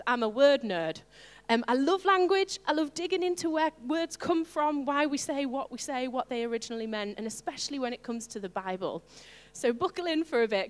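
A woman preaching a sermon to her congregation, animated and playful, with asides to the listeners. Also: a little high, long reverb tail. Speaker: pastor.

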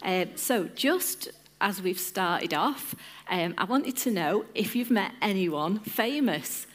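During a church service, a woman from the church lead team gives an informal sermon, chatting, joking and asking the congregation questions. Her medium-pitched voice has lively intonation and a slow pace.

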